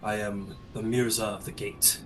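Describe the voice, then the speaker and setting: A man's voice: on the low side, little pitch movement, normal speed, music in the background, natural voice. A man voicing a proud, courteous paladin commander with a dry, lightly teasing manner.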